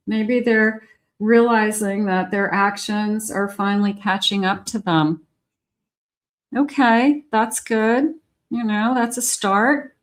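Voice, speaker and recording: A woman giving a collective tarot reading, talking chattily and directly to the viewer. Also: medium pitch. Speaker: tarot reader.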